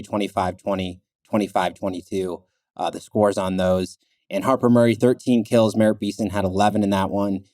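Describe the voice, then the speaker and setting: Low-voiced man co-hosting a sports podcast. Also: no echo, clean studio sound. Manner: relaxed, filler-heavy, chuckles now and then. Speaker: podcast co-host. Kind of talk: casual sports chat.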